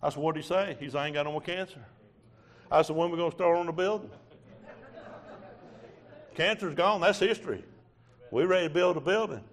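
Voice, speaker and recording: A preacher, telling a sermon testimony in a folksy storytelling way with quoted dialogue. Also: male voice, on the high side, fairly quick, long pauses.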